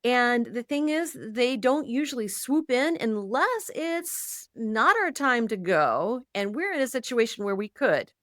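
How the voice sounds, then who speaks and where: High-voiced woman telling a story. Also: unhurried, few pauses, no room sound, clean studio sound. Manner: animated storyteller, slips into quoted voices. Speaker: podcast guest, intuitive and author. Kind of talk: conversational storytelling.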